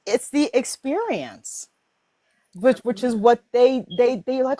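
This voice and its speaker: Lively woman host telling stories. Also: high voice, slow pace, dry recording, studio quality. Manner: animated storytelling with laughs and voiced quotes. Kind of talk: casual chat on mindset and manifesting.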